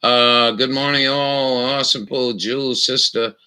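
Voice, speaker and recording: A man hosting a casual livestream, showing knots slowly and cracking crude jokes with viewers in the chat. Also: medium pitch, steady tone, bright, forceful tone, clear, resonant tone, rough recording. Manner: salty, crude humor with frequent swearing; slow, instructional, talking to chat viewers. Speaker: livestream host.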